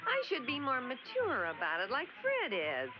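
An actress playing a sensible, brisk cavewoman housewife in a vintage cartoon. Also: sits high, wildly swooping pitch. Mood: thoughtful. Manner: brisk, scolding. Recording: dull vintage cartoon soundtrack with music.

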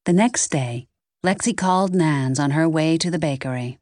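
A woman narrating a cozy mystery audiobook in a measured storytelling voice on a close mic. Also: sits low, a little mellow, no echo. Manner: measured storytelling, varied intonation. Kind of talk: scripted narration.

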